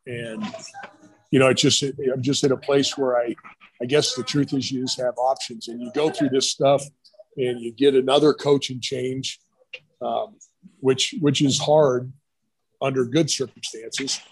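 A middle-aged man with a husky, slightly rough voice tells coaching stories at an easy conversational pace. He rambles from one anecdote to the next and slips into quoted lines from old bosses and his wife. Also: mid-range voice, fairly even intonation, unhurried, dry recording, rough recording. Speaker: retired college football coach and staffer. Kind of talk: casual storytelling interview. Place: brewery.

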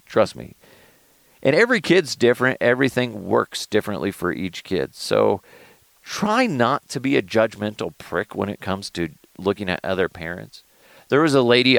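A man hosting a casual solo podcast from inside a car, telling profane, animated stories and laughing often. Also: fairly low pitch, vocal fry, dry recording. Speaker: podcast host.

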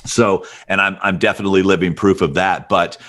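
A middle-aged man from Alabama with a very deep, rich voice that sounds made for radio. He is a guest in an interview, telling long stories in an easy, relaxed way. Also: fairly quick. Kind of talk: storytelling interview.

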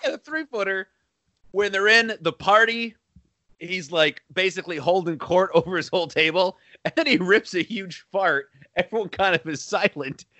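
Bright-voiced, laughing movie fan. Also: male voice, sits high, normal speed, no room sound. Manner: enthusiastic, laughs often while quoting lines. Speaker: podcast co-host. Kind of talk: casual movie chat.

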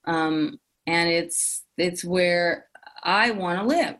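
Interview guest, woman in her fifties, slightly low-pitched, emphatic personal storytelling. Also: slow pace, a bit bright. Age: 50s. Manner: emphatic, with many fillers and repeated phrases.

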